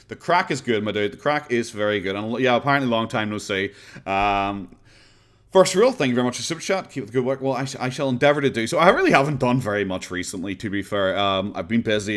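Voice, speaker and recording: A man's voice: lowish voice, a bit bright. A man with an Irish accent chatting casually on a live stream, rambling and sarcastic, often breaking into laughter. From Ireland.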